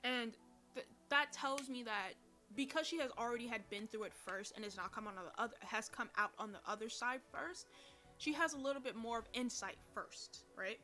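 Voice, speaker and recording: A woman with a high, bright, forceful voice gives casual commentary as host of a review show. She rambles, restarts her sentences and fills the gaps with "like" and "you know." Soft music plays faintly behind her. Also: moderate pace. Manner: chatty, rambling, frequent fillers and self-corrections. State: burping from heartburn. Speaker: podcast host reviewing a TV drama.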